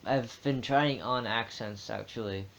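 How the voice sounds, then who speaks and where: A young man chatting on a podcast, halting and stuttering, restarting his sentences often. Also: medium pitch, creaky, a bit bright, a little hiss or hum. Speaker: podcast co-host. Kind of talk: casual chat. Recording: dull lo-fi sound.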